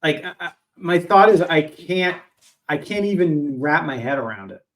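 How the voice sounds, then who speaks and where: A man's voice: a little high, normal speed. A man co-hosting a podcast, chatting casually in reactive, laid-back, profane remarks. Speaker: podcast co-host. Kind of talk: casual chat.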